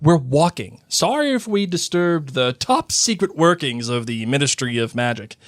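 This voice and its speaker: A sneering teenage wizard boy voiced by a man with a Boston accent in a dry, close recording. He mocks with a lively, swooping pitch. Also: moderate pace, no room sound. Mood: sarcastic. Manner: sneering, mocking. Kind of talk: reading a novel aloud.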